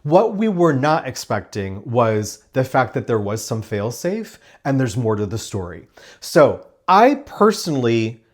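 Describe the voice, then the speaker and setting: A man's voice: medium pitch, big pitch swings, unhurried. Opinionated man reviewing a TV show. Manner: emphatic and opinionated, acts out quoted lines; sarcastic, dismissive asides. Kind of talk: casual spoken review.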